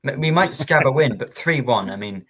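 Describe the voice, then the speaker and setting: A man co-hosting a football podcast, talking casually with hesitant, halting restarts. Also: medium pitch, lively intonation, fairly bright tone. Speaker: podcast co-host.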